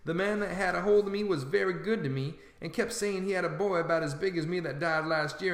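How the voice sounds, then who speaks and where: Guy reading a classic novel out loud, lively folksy telling, bit high voice, echoey room. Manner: animated, folksy narration voicing a boy. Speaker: audiobook reader. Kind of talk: storybook narration.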